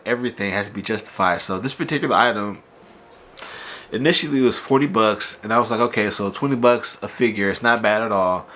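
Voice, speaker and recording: A man hosting a casual toy unboxing vlog, sounding stuffy and nasal from allergies, telling his story in an animated, exasperated way. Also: fairly low pitch. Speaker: toy collector vlogger.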